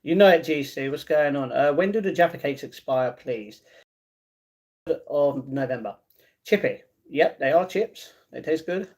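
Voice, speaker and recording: Young male streamer, casual and chatty, reads chat aloud, a touch higher than most men. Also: expressive, a little slow, a little mellow. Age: 20s. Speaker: livestreaming vlogger. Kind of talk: casual live-stream chat, reading comments.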